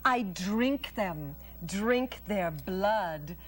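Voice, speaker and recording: A woman voicing a calm, wise female spider who talks in a measured, matter-of-fact way. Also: medium pitch, a little hiss or hum. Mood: cheerful, matter-of-fact. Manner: measured, cheerfully practical. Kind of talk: storybook read-aloud.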